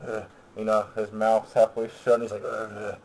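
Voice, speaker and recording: A man's voice: on the low side, monotone, fairly quick, dark tone, slight background noise. A young man co-hosting a casual movie-ranking chat, hesitant and full of fillers, with a laid-back manner. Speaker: co-host of a movie review show.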